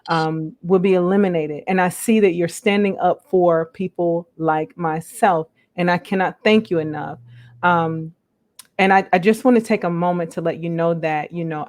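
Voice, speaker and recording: A woman hosting a live-stream chat, speaking earnestly and appreciatively, with many soft fillers. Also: lowish voice. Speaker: host.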